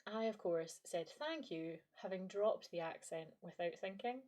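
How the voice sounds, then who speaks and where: A Scottish woman in her late twenties or thirties hosts a reflective podcast monologue. Her voice sits a little low, and she talks in a playful, self-deprecating way, as if chatting with the listener. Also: lively intonation, normal speed, a little mellow. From Scottish Highlands. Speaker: podcast host and lecturer.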